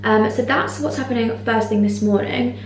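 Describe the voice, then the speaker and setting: A young woman in her twenties chatting casually to camera in a vlog, excitable and full of fillers. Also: on the high side, normal speed. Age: 20s. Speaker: vlogger. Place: indoors, mostly empty new flat. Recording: echoey room, faint background noise.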